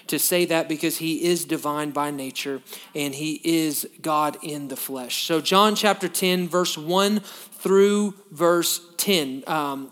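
Male pastor with a fairly high voice, preaching and reading scripture to his congregation. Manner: reads scripture aloud, then explains it to the congregation; drops to a soft, low voice in prayer. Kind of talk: sermon with scripture reading and prayer.

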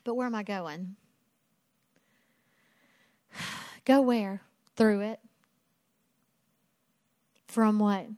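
A woman's voice: medium pitch, drawn-out words, pauses often, warm tone, dry recording. A woman preaching a sermon in an emphatic way, asking rhetorical questions and repeating phrases for effect.

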